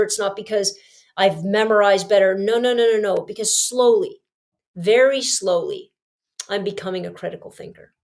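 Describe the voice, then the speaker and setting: A woman hosting a podcast, telling a personal story in an emphatic, lively way, swinging between punchy loud lines and hushed asides. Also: mid-range voice. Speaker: podcast host.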